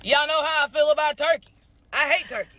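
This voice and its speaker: A woman's voice: high-pitched, fast talker, sharp tone, no room sound. A woman doing a comedic rant, exasperated, acting out animal sounds as she goes.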